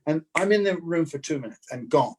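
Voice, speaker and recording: An older man telling a lively showbiz anecdote over a video call, acting out the other people's voices as he goes. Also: a little high, fairly quick, slight background noise, rough recording. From Australia. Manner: animated storyteller acting out voices. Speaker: guest actor.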